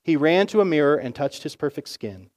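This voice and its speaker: A male pastor narrating a story in a sermon with expressive storytelling. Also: on the high side, a little fast.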